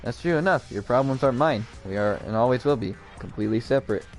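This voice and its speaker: A man's voice: medium pitch, animated, fast talker, soft background music, voice pushed down, natural voice. A man voicing a cold, arrogant rich young man in a video game, reading the lines in a haughty, dismissive way. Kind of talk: reading game dialogue aloud.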